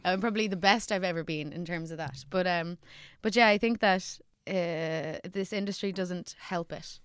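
A woman's voice: lowish voice, moderate pace, a bit bright, clear, resonant tone, no echo, studio quality. A young woman, an actor, chatting candidly on a podcast, swearing freely and laughing as she talks. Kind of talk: casual chat.

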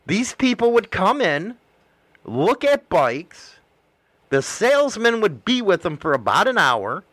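High, lively, profane blunt man. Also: a little slow, dry recording. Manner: blunt, heavily profane ranting. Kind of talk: casual chat.

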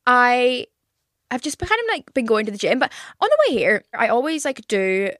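A young woman hosting a podcast alone, rambling and self-mocking in casual chat, swearing freely and talking quickly in a studio. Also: a little high, very animated, a bit bright, dry recording. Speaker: podcast host. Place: recording studio.

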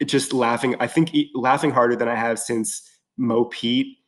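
Rambling, excitable man chatting casually. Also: medium pitch, moderate pace. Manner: excited, rambling with many fillers and restarts. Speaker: podcast guest. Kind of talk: casual chat.

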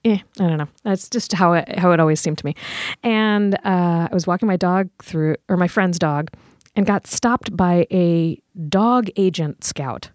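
A woman's voice: on the low side, measured pace, darkish tone, dry recording, studio quality. Chatty woman with a rambling, filler-filled story. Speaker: podcast co-host. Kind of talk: casual chat.

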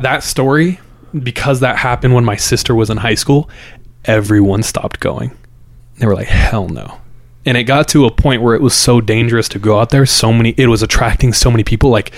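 A man's voice: medium pitch, steady tone, fairly quick, dry recording. A man casually telling a scary local legend, building suspense and acting out the people in it. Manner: builds suspense, acts out quoted voices. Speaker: storyteller. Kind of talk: casual storytelling.

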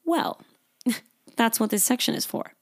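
A young woman hosting a casual solo podcast, talking freely and swearing, who often acts out her own inner thoughts in a higher voice. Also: lively intonation, measured pace. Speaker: podcast host.

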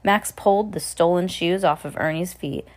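Woman, casual read-aloud to a child at home, lowish, self-correcting. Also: normal speed. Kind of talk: reading a storybook aloud.

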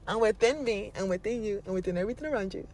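A woman's voice: mid-range voice, racing, darkish tone, a little hiss or hum. A woman giving casual motivational advice, playful and laughing often, slipping into mocking voices and casual swearing. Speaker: vlogger giving manifestation advice.

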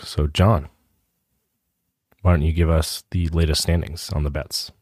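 A man's voice: a bass voice, little pitch movement, measured pace, darkish tone, no echo, clean studio sound, soft background music. A man hosting a podcast in easygoing chat, steering the talk to the next segment. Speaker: podcast host.

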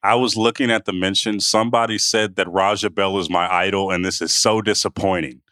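A man from the Bay Area co-hosting a sports podcast, ranting in an animated way and repeating himself for emphasis. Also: lowish voice, a little fast, no room sound. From San Francisco Bay Area. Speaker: podcast co-host. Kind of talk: casual sports podcast chat.

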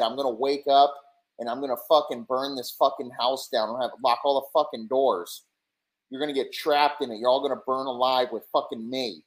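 Man doing a drunk middle-aged father, raging, foul-mouthed, pitched well above his usual voice. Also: lightly acted. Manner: shouting, profane ranting.

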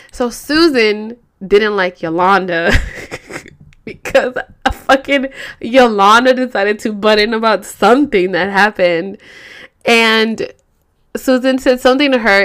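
A woman's voice: medium pitch, unhurried, a bit bright, clear, resonant tone. A woman hosting a podcast, telling a story in a rambling, profane, casual way full of fillers. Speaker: podcast host.

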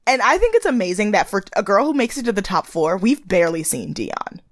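A woman co-hosting a casual podcast chat, animated and playful, with a voice that cracks at times. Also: medium pitch, brisk, no echo, studio quality. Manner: chatty, animated, playful impressions of people. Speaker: podcast co-host. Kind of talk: casual chat recapping a reality show.

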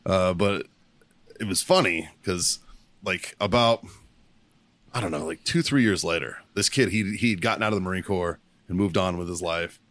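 A man's voice: sits low, moderate pace, fairly bright tone, no echo. A man hosting a podcast, telling a crude war story in casual chat, swearing and laughing a lot. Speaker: podcast host, Marine veteran.

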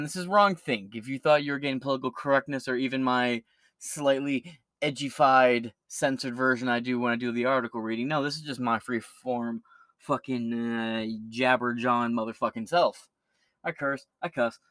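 A man delivers a free-form podcast rant, crude and rambling, swearing nonstop. His voice sits at an ordinary middle pitch. The sound is close and dry, with no room around it. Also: a bit bright, no room sound. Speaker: podcast host.

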